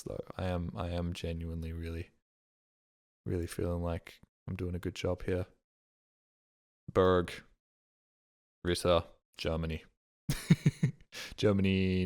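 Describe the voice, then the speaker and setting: Slow-talking, low-voiced male streamer. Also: darkish tone. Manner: swears freely, thinks aloud, boastful. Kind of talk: casual gaming commentary.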